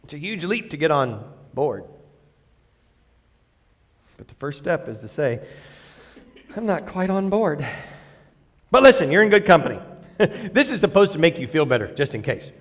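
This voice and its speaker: A man delivers a sermon in a church with a high, bright voice that swings widely up and down. He keeps it conversational and joking with the congregation, and a long reverb from the church hall trails every phrase. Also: very animated, normal speed, pauses often. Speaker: preacher. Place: church sanctuary.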